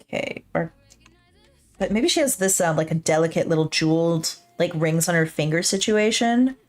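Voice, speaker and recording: A woman's voice: fairly low pitch, expressive, moderate pace. A woman artist thinking aloud while she draws, chatty and self-deprecating, joking to herself into her desk mic. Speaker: digital artist streaming her work. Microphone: her own desk mic with a pop filter.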